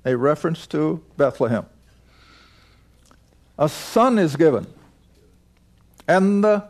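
A man's voice: a little high, animated, takes it slowly, creaky, long pauses, a little mellow. A man teaching a Bible passage verse by verse, emphatic, asking his listeners questions and answering them himself.

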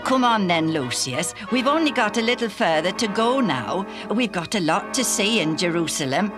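A woman voicing a sensible male traveler who speaks briskly and explains things, with music behind. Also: medium pitch, expressive, voice pushed up, close to an everyday voice. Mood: steady.

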